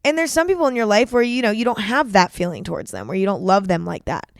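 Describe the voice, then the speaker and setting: A woman's voice: mid-range voice, animated, fast, creaky, no room sound, clean studio sound. A young woman hosting a podcast, talking frankly and confessionally, swearing freely and saying "like" a lot. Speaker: podcast host. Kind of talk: candid solo podcast monologue.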